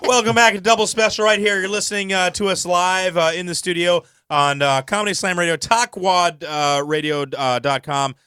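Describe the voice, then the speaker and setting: A man hosting a casual comedy radio show in a studio, talking quickly and scattering "uh" fillers through his sentences. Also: high voice, fairly even intonation, bright, forceful tone, smooth, no room sound. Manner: rapid, peppered with "uh" fillers.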